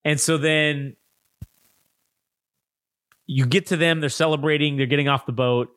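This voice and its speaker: A man co-hosting a casual film review podcast, recapping the plot in a profane, animated way and acting out characters' lines. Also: on the high side, measured pace, no echo. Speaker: podcast co-host.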